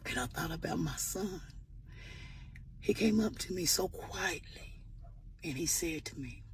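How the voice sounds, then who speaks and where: Slow, gravelly-voiced woman telling a story. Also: on the low side, animated, slight background noise. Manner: earnest, repeats "I said" while retelling; religious encouragement. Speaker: vlogger. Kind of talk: personal storytelling.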